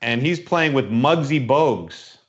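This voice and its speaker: A man's voice: medium pitch, animated, a little slow. Rambling male podcast host, lo-fi sound. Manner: rambling storyteller acting out voices. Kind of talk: casual chat, telling a dream story. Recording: dull lo-fi sound.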